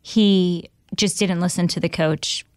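A woman hosting a casual podcast conversation who gently offers advice and asks follow-up questions. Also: lowish voice, steady tone, unhurried, no echo, studio quality. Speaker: podcast host.

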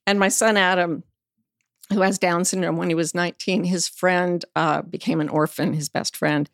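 Frank woman with a gravelly voice. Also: lowish voice, steady tone, moderate pace, no room sound, studio quality. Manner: candid, frank, sometimes swears. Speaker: interview guest. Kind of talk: personal storytelling in conversation.

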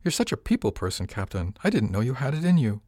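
A man's voice: medium pitch, sing-song, quick pace, darkish tone, dry recording. A man voicing a wry, teasing female ship steward. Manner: dry, teasing.

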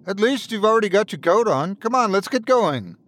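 Guy putting on a high quick cheery old wife voice, fussy and loving. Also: sing-song. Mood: brisk. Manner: bright, quick, fussing.

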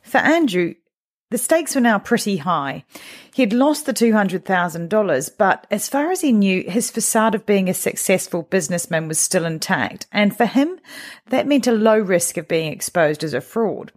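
A woman's voice: mid-range voice, animated, normal speed. A woman hosting a documentary podcast, narrating a scripted story in a conversational, guiding way.

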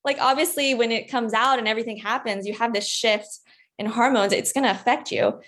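A young woman as a podcast guest, talking candidly in casual chat and acting out her own past lines in a higher voice, with lots of "like.". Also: fairly even intonation, brisk, a bit bright. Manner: candid and chatty, acts out past dialogue in a higher voice.

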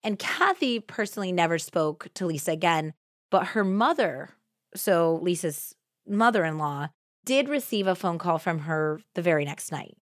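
A woman hosting a podcast, telling a true crime story in a conversational way and acting out quotes with lively shifts in tone. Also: on the low side, normal speed, no room sound, studio quality. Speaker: podcast host.

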